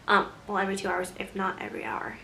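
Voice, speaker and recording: A woman's voice: mid-range voice, animated, quick pace, creaky, pushed and bright. A young woman chatting in a casual vlog, rambling and laughing often, short of breath as she talks. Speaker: vlogger. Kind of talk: casual pregnancy update vlog.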